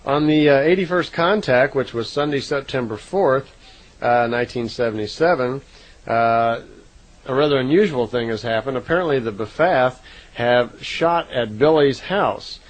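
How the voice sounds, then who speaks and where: A man talks through a long account in a relaxed, unscripted way. He pauses on fillers and corrects himself as he goes. His voice sits at an ordinary middle pitch for a man. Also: rough recording. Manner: unhurried, conversational, frequent "uh" fillers and self-corrections. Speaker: narrator recounting contact reports. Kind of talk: casual spoken retelling.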